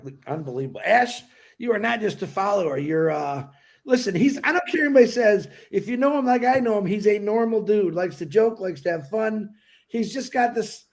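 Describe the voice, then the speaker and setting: A man with a notably high voice chats casually as a guest on a call. He laughs often and speaks freely. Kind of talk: casual chat.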